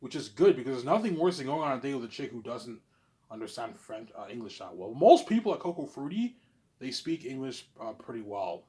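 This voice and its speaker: A man vlogging in a rambling, repetitive monologue, boastful and swinging between loud bursts and low mumbles. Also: big pitch swings, brisk. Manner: repetitive, boastful, keeps saying obviously.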